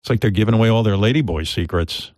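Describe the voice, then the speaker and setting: A man's voice: on the low side, quick pace, a little mellow, no echo, clean studio sound. A man hosting a radio show in comic banter, joking and mocking. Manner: joking, mocking, lots of laughter.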